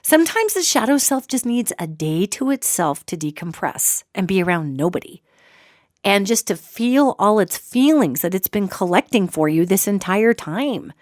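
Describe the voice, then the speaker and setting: Animated woman podcast host, dry close mic. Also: medium pitch, moderate pace, dry recording. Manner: animated, jokey, acts out quoted voices. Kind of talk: solo podcast monologue.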